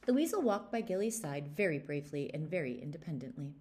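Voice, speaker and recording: A woman reading a fairy tale aloud to children in an expressive storytelling manner. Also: sits low, fast talker, few pauses.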